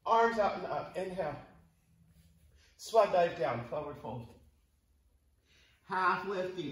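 A man leading a yoga class for children, giving playful, encouraging cues. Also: high-pitched. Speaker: kids yoga instructor. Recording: echoey room, mic at a distance.

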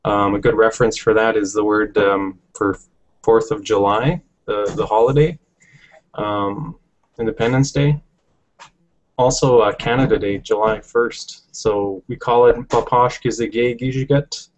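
A man teaching a language lesson, explaining patiently step by step, often pausing with ums. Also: fairly low pitch, fairly even intonation, lo-fi sound.

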